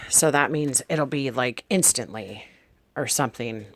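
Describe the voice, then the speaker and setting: Reading dreams and visions from a notebook, a vlog host talks directly to viewers in a loose, wandering style, often revising what they've just said. The mid-range voice is slow and fairly bright, captured with studio quality and no echo.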